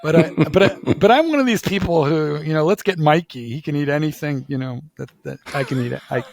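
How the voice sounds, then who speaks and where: Animated man telling a story. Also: fairly high pitch, brisk, vocal fry, no room sound. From Philadelphia. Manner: animated storytelling with lots of repeated "like"s and restarts. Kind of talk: casual conversation.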